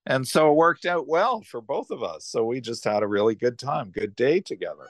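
An older man hosts a podcast, casually spinning rambling personal travel stories packed with restarts and asides. His medium-pitched voice is animated and moves at a normal speed. The recording is dry and studio-clean.

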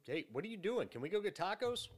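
A man's voice: sits high, very animated, fast. A young man co-hosting a casual comedy podcast, exasperated and trying to steer the talk back on track. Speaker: podcast co-host.

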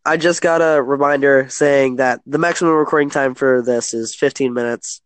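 A man's voice: medium pitch, fairly even intonation, normal speed, dry recording. A man from Kentucky with an American accent, chatting casually and rambling, often restarting his sentences. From Kentucky, USA. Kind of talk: casual chat.

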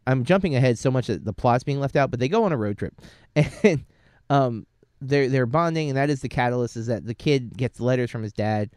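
A young man, a teacher, chatting casually about a movie in an animated, sarcastic way, acting out quotes as he goes. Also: medium pitch, a little fast, no room sound, studio quality. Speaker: co-host reviewing a movie. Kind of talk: casual chat.

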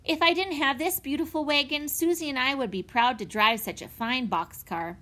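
A woman's voice: sits high, normal speed, bright, forceful tone, voice pushed up. A woman reading aloud voices a cheerful, friendly ice cream man with a folksy way of talking.

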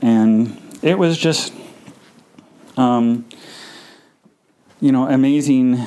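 Halting, emotional man with a mellow voice. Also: medium pitch, clear, resonant tone, rough recording. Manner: halting, full of fillers and restarts; emotional, subdued. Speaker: podcast host. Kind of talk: personal storytelling.

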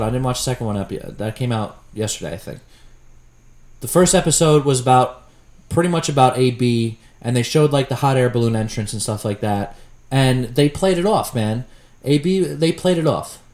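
Male sports-podcast co-host, mid-pitched, casual and profane, winds himself up into rants; roomy echo on the voice. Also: normal speed. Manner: animated, profane ranting.

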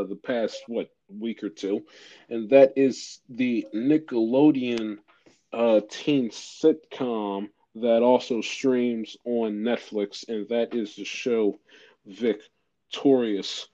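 Teenage guy, podcast co-host, excitable chat, muffled lo-fi sound. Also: mid-range voice. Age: teens. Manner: excitable, quick, repeats himself. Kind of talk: casual chat.

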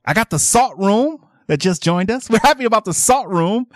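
A man hosting a radio shopping call-in show, energetic and laughing often as he pushes deals to callers. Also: sits high, moderate pace, a little hiss or hum. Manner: energetic, laughs often, animated sales patter. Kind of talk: lively radio call-in selling. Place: radio studio.

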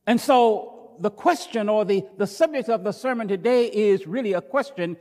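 High-voiced male pastor preaching with emphatic repetition, recorded in a reverberant sanctuary. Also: lively intonation, moderate pace, hardly any pauses. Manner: emphatic preaching, repeats phrases, rises to near shouting. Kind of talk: sermon.

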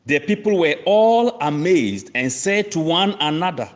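Male preacher, slightly high, very animated pitch, emphatic repetition, sermon cadence. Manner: slow, emphatic, repeats key phrases; addresses listeners as friends. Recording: long reverb of a large hall.

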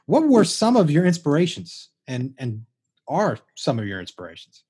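A young man from outside Washington D.C. hosting a relaxed interview, easygoing and quick to laugh. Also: on the high side, slightly rough. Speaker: podcast host. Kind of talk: conversational interview.

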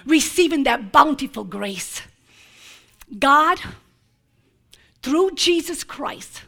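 High bright lady preacher, slow and dramatic, hushed then shouting, jokey asides. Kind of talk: sermon.

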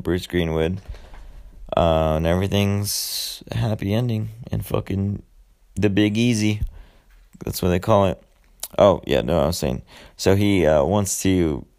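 A man's voice: sits low, darkish tone. A man hosting a podcast, loosely recapping a movie in a rambling, profane way, swearing constantly and drifting into asides. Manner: loose storytelling with many fillers and asides. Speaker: podcast host.

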